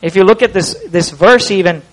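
A man preaches in a voice pitched well above most men's. He is emphatic, drawing words out to stress the point and putting rhetorical questions to his listeners. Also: brisk, poor audio. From India. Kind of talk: expository sermon.

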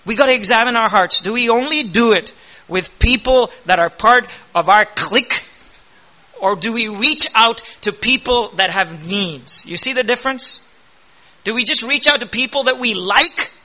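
A man preaching a sermon as pastor, energetic, with rising emphasis and quoted scripture. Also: extremely high pitch.

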